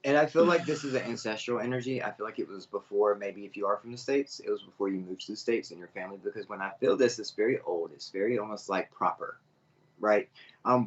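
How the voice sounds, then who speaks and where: A man's voice: fairly low pitch, lo-fi sound. A man giving a live online psychic reading, earnest and chatty as he speaks straight to viewers. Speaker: psychic medium reader.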